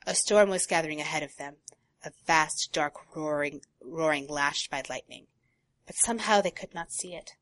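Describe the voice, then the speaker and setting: A woman co-hosting a casual talk show, reading a long passage from a novel aloud and breaking off for quiet asides. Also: low voice, moderate pace, dry recording. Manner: reads prose steadily, drops to quiet asides. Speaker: podcast co-host.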